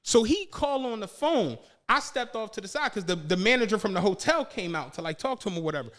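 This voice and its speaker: A man's voice: sits high, quick pace. A man, a podcast co-host telling a long profane story and acting out the people in it. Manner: animated, profane, acts out the people in his story. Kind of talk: casual storytelling chat.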